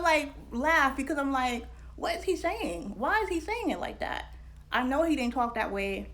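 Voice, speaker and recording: A woman with a fairly high voice hosts an educational vlog. She is candid and chatty, laughs often and slips into slang. Her delivery stays conversational and relaxed. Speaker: vlog host and scholar. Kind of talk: casual educational talk.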